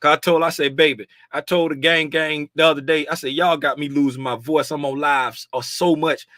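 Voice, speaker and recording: Man, livestream host, loud and playful, sing-song asides, slightly high voice, dry sound, desk mic a foot away. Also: fairly even intonation, brisk, no room sound. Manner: playful, chatty, jokes with viewers; talks loudly, breaks into sing-song bits. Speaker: host reviewing market futures. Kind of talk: casual livestream commentary. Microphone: desk mic about a foot away.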